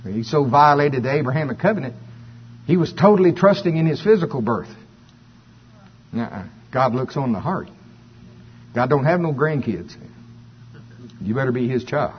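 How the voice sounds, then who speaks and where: A man preaching a sermon to a congregation in a room, animated and preacherly, acting out quoted prayers in a raised voice. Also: mid-range voice, moderate pace, long pauses, breathy edge. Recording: dull lo-fi recording with faint hum.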